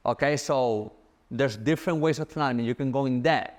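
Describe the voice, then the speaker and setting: A young man giving a casual sales-coaching talk, fast and animated, repeating his key points. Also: mid-range voice.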